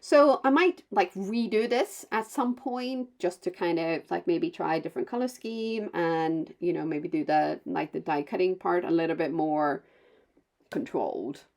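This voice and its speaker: Woman crafter, not a native English speaker, low-ish voice, chatty voice-over full of fillers and asides. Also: measured pace, vocal fry, darkish tone. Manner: chatty and rambling, with many fillers and self-corrections; bubbly, with playful asides. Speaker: card-making vlogger. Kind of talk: casual voice-over narration of a crafting video.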